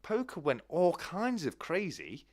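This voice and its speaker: A man hosting a livestream, calling a race with excitable commentary that builds to shouts, then chatting casually. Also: sits high, unhurried. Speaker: host.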